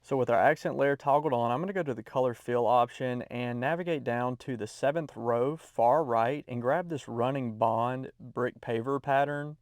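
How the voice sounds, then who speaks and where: A man explaining a landscape drawing app step by step in a relaxed voice-over, with occasional fillers. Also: medium pitch, normal speed, few pauses, no echo, clean studio sound. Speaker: drawing tutorial instructor. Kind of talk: screen-recorded drawing tutorial.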